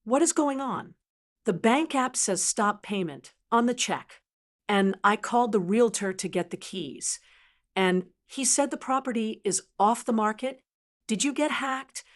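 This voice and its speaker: A woman voicing an adult daughter who talks in breathless, high-pitched gushes. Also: expressive, measured pace. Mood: panicked. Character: adult daughter, gushing then panicked.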